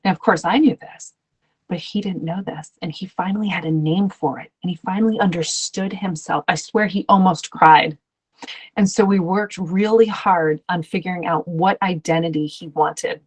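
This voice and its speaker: Chatty woman coach, low-pitched. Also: normal speed, slightly rough. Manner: chatty, many ums and restarts, acts out quoted voices. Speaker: ADHD coach. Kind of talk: coaching talk to parents.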